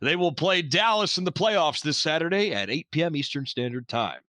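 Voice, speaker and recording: A man voicing a local radio news announcer with a smooth broadcast delivery. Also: a little high, expressive, brisk, bright, forceful tone, dry recording. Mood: upbeat.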